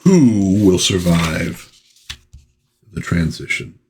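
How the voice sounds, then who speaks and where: A man's voice: deep voice, lively intonation, drawn-out words, a little mellow, slight background noise. A man hosting a casual comic book review, chatting in a loose, rambling way with fillers and reading panel dialogue aloud. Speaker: pop culture channel host.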